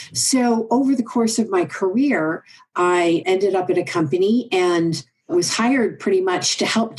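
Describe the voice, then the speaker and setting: A middle-aged woman, a leadership advisor, talking as a podcast guest in an animated, emphatic storytelling way. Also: medium pitch, low-quality recording. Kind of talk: conversational interview.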